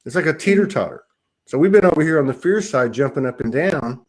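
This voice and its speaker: A man's voice: fairly high pitch, expressive, fast talker. A man hosting a casual spiritual chat, earnest and affirming, often agreeing with his guest. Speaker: host.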